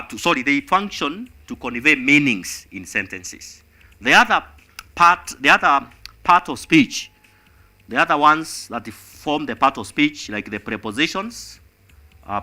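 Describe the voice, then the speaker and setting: Kenyan guy teaching exam revision, talks slow, repeats himself, bright tone. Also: medium pitch. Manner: slow, emphatic, repeats words while thinking.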